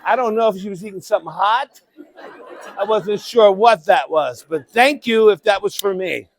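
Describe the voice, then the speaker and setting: A middle-aged man giving a live motivational keynote speech, animated, calling out to the crowd and breaking into shouts. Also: sits high, moderate pace, no echo. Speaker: motivational speaker. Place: conference event room.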